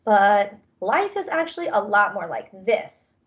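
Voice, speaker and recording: A woman voicing a gentle, earnest father who speaks softly, in a storybook reading. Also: mid-range voice, very animated, measured pace, highs cut off. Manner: soft-spoken, earnest.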